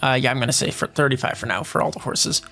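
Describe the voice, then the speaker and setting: Male game master, mid-range voice, easygoing and halting, faint music behind. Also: mid-range voice, gravelly. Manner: relaxed, hesitant, lots of fillers while ruling. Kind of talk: narrating a tabletop game.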